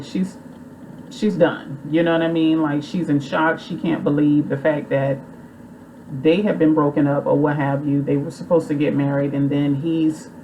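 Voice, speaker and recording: Low-voiced chatty woman recapping a movie. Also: warm tone, slight background noise, low-quality recording. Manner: rambling, chatty, full of fillers. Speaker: movie reviewer.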